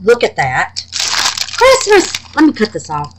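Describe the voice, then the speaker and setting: Her pitch runs lowish but swings widely as she chats at a normal speed with viewers about her resin pieces, addressing them as babies and honey. It's a noisy recording made at home.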